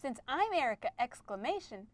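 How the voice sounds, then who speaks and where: A woman's voice: high voice, sing-song, moderate pace, dry recording. A woman voicing a bubbly, eager exclamation-mark character in a children's educational puppet skit, talking cheerfully. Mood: excited. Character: bubbly excited exclamation-mark pal, a girl.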